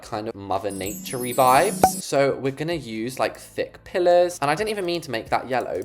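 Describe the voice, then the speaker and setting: A woman giving a chatty, jokey commentary while building in a game, talking to her viewers from her desk at home. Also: a bass voice. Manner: chatty, jokey, self-mocking asides to viewers. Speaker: gaming video creator. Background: background music.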